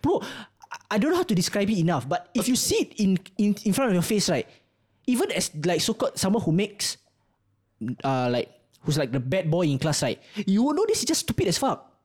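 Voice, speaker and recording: Young Singaporean man, podcast co-host, very expressive pitch, swears freely, casual storytelling. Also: fairly quick, husky. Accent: Singaporean English. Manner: animated, swears freely, acts out voices in stories.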